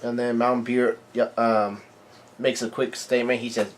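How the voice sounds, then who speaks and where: A man hosting his own channel, reading a comic chapter aloud live and reacting as he goes, with halting delivery full of fillers and restarts. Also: mid-range voice, steady tone.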